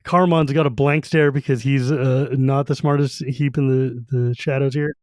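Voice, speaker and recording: A man co-hosting a casual book podcast, animated and quick to laugh while retelling scenes. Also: medium pitch, no echo. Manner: animated, laughs often, reads quotes in voices. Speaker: podcast co-host.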